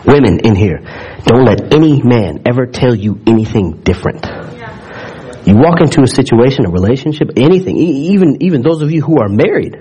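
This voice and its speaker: A man's voice: mid-range voice, lively intonation, brisk, warm tone, breathy edge, rough recording. A man preaching a sermon, telling a story with asides and questions to the congregation, often repeating words as he builds up. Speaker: pastor.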